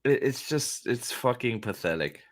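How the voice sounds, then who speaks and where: A man's voice: mid-range voice, lively intonation, a little slow. A young man hosting a show review, giving profane, exasperated, sarcastic reaction commentary as he watches an episode.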